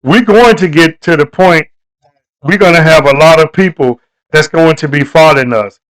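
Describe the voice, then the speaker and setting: Brief: male live stream host, higher-pitched voice, loose and preachy. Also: moderate pace, poor audio. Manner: loose, repetitive, preachy delivery addressing viewers. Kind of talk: casual live stream talk.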